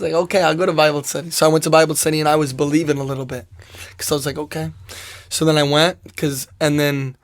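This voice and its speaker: Rambling young man telling his story. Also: on the high side. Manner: rambling, full of "like" and "I was like" quotes. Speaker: soccer player guest. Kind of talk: casual interview storytelling.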